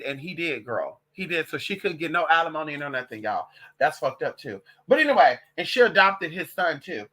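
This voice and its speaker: A sassy transgender woman talks straight to camera, swearing freely and calling everyone honey and girl. Her pitch swings all over the place as she tells gossipy stories, and her tone is bright and sharp. She sounds like a witch sharing tips with her followers. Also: brisk, slightly rough. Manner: sassy, profane, calls listeners honey and girl; animated gossipy storytelling. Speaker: vlogger and witch. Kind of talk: casual vlog monologue.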